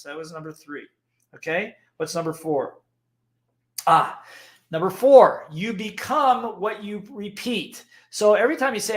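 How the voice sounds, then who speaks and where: High-voiced man coaching a live audience. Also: expressive, moderate pace. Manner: repeats key points, frequent "okay?" check-ins. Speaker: motivational coach. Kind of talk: live-streamed motivational lesson.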